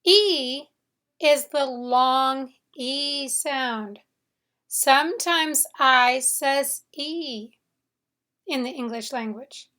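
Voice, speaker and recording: High bright-voiced woman teaching phonics super slow, drags out the sounds and repeats words. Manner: stretches out sounds and repeats words for learners to echo. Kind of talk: slow, deliberate phonics lesson.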